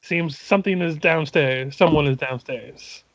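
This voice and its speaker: A man serving as game master who narrates a tabletop game, describing scenes in a halting, methodical way. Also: fairly high pitch, a bit bright, dry recording, lo-fi sound.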